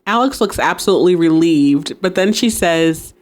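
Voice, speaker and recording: Lively woman recapping a show. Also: on the low side, normal speed. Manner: animated, laughs often, voices characters' lines. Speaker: podcast host recapping a TV episode. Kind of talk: casual recap with acted-out quotes.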